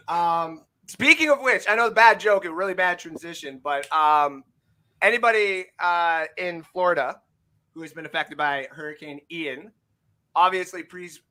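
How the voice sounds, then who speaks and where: A man's voice: on the high side, normal speed, sharp tone, poor audio. A man hosting a casual sports podcast, rambling and self-deprecating, laughing often. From Canada. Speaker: host.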